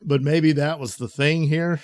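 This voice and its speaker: A man's voice: on the high side, fairly even intonation, measured pace, a little mellow, no room sound, clean studio sound. A man giving a casual, rambling recap of a comic book as a host, with many fillers and exclamations, and he chuckles as he talks. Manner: chuckles while talking.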